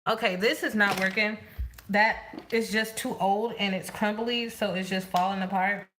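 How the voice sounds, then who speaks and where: A woman vlogger chatting casually to herself as she does her makeup, rambling and thinking out loud. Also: medium pitch, fairly even intonation, normal speed, slight background noise. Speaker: beauty vlogger. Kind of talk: casual chat while doing makeup.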